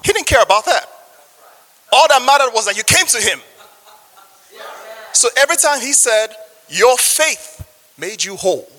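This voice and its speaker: A man's voice: very high-pitched, sing-song, moderate pace, long pauses, bright, forceful tone. A man preaching a sermon, reading scripture and sharing a personal testimony in an earnest manner. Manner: earnest, testimony-sharing, asks audience for amens. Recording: long hall reverb.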